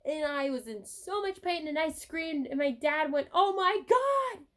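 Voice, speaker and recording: A young woman vlogger telling personal stories in a casual, animated way, swearing now and then. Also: sits high, moderate pace. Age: young adult. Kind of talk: casual storytelling vlog.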